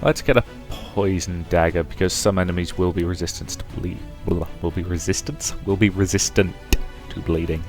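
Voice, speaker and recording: A man playing and reading through a story game, commenting in a relaxed, chatty way. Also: sits low, moderate pace, hardly any pauses, soft background music. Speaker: let's play gamer. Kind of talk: reading and voicing a visual novel game.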